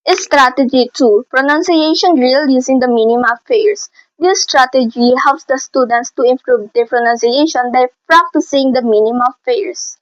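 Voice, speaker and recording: A woman reading a prepared lesson script about minimal pairs, with small slips. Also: no echo. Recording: dull, dry low-fi recording.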